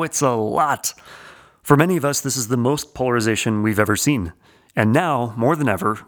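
A man, co-hosting a podcast and reading an earnest, inspirational intro. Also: mid-range voice. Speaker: podcast co-host.

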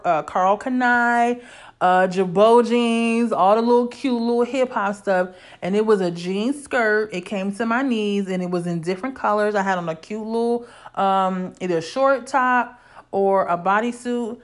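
A woman's voice: mid-range voice, moderate pace. Candid woman from Illinois telling her story. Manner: candid, conversational, casual slang. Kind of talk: personal storytelling monologue.

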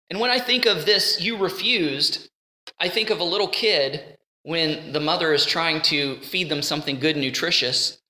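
Woman Bible teacher, earnest and chatty, bright tone, echoey room. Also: fairly low pitch. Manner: earnest, conversational, pleading at times.

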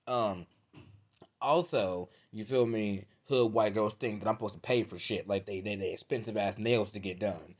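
A man's voice: fairly low pitch, normal speed. A man delivering a profane comedic rant as a podcast host, repeating "you feel me" constantly. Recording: dull lo-fi audio.

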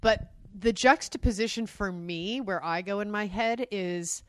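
A woman's voice: mid-range voice, a little slow, dry recording. A woman co-hosting a podcast in casual chat, telling stories in an emotional, rambling way. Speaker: podcast co-host.

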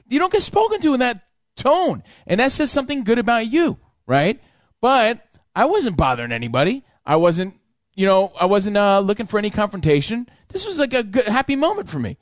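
A man's voice: sits high, big pitch swings, fairly quick, no room sound, studio quality. A man hosting a call-in radio show, talking in a heated, defensive way and swearing. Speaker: radio talk show host. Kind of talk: casual call-in chat.

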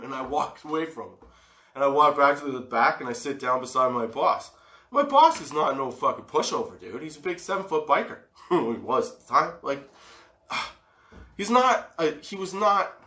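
A man's voice: a little high, pushed and bright. A man telling a story in a casual, profane way, laughing often and re-enacting scenes. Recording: echoey room.

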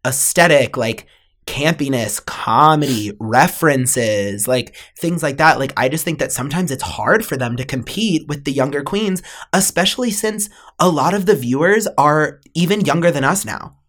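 A woman's voice: low voice, expressive, moderate pace. A young woman co-hosting a podcast, chatting casually with lots of laughs and fillers. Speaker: podcast co-host. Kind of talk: casual chat.

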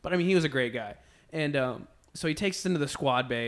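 A young man from Texas, hosting a podcast and telling stories in a relaxed, rambling way. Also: mid-range voice, fast. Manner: relaxed, rambling, fillers like "you know what I'm saying". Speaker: podcast host. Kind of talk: casual storytelling chat.

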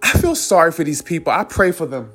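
A man's voice: on the high side, sing-song, fast talker, a bit bright, breathy edge. A man hosting a podcast, giving a rambling, earnest spiritual monologue and chuckling between phrases. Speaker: podcast host.

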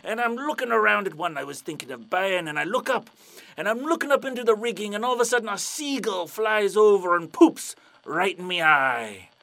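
A man voicing a gruff old pirate with a peg leg and hook, telling tales in a growling pirate drawl. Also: high voice, animated, a little fast, fairly bright tone, voice pushed up, heavily acted. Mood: yarn-spinning.

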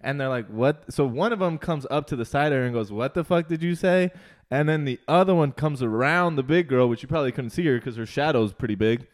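A young man telling a bar story to a friend in casual chat, animated and swearing, laughing along the way. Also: medium pitch, fast talker, few pauses.

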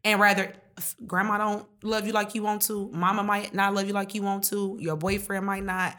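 A woman's voice: medium pitch, level tone, moderate pace, a bit bright. A woman talking candidly and emotionally in a heart-to-heart conversation, full of casual slang.

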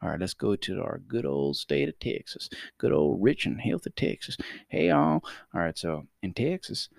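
A man's voice: sits low, normal speed, gravelly, dry recording, studio quality. A man co-hosting a casual podcast, talking with lots of swearing and frequent laughter. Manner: animated, swears a lot, laughs often. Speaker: podcast co-host. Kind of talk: casual chat.

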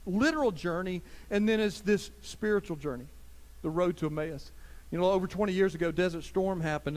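A man preaching a sermon as pastor, talking straight to his listeners, swinging from loud emphasis to soft, hushed lines. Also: sits high. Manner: conversational, addresses listeners directly.

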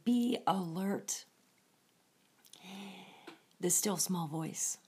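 A woman's voice: fairly low pitch, extremely slow, mellow, breathy edge. A woman hosting a casual devotional talk, often laughing and thinking aloud as she goes. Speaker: host of a devotional show.

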